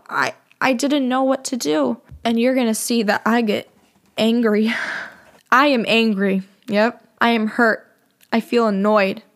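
A young adult woman hosting a solo podcast, talking candidly and emotionally to her listeners, with many fillers and direct asides. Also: fairly high pitch. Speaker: podcast host. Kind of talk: confessional solo podcast monologue.

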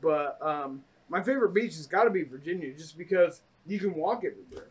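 A man co-hosts a relaxed podcast and rambles through his stories with fillers and casual swearing. His voice is high for a man. It sounds set back from the microphone, a little distant. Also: brisk, breathy edge. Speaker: podcast co-host. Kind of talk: casual chat.

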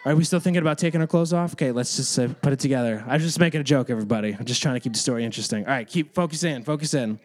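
A man's voice: mid-range voice, racing, hardly any pauses. A man speaking as a youth pastor, giving a casual, joking sermon to kids and often saying "like". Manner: chatty, joking, many filler "like"s; addresses and manages kids in the room. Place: youth group room with children.

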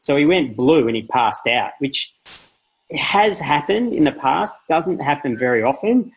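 A man's voice: fairly high pitch, big pitch swings, a little slow, husky, poor audio. A man, a podcast guest telling stories in a casual, rambling, self-deprecating way with many fillers and restarts. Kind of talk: casual interview storytelling.

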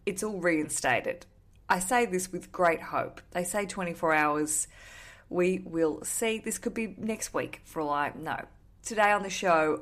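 A woman talks casually on her wedding podcast, her voice sitting a little low. She is candid and self-deprecating, dropping the odd swear word. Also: a bit bright. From Australia. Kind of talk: casual solo podcast chat.

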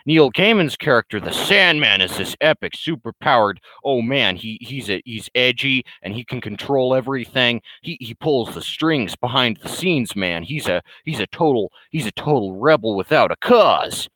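A man's voice: medium pitch, animated, normal speed, hardly any pauses, sharp tone, no echo, low-quality recording. A man ranting casually to camera, blunt and rambling, with many restarts and fillers. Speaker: vlogger. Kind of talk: casual opinionated rant.

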